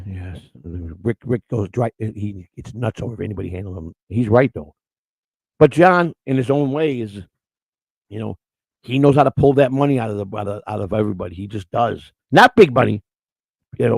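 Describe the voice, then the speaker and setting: A man's voice: medium pitch, vocal fry, a little mellow, no echo. A middle-aged man hosting a livestream, rambling through stories and chatting crudely and emotionally with his viewers. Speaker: livestream host. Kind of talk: casual chat with the live chat.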